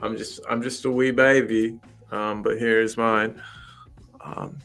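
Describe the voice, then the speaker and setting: American dude cohosting, bright tense voice, lowish, quick little quips, faint music. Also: male voice, flat delivery, vocal fry. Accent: neutral American. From United States. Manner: short, upbeat interjections. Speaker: co-host. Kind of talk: casual livestream chat.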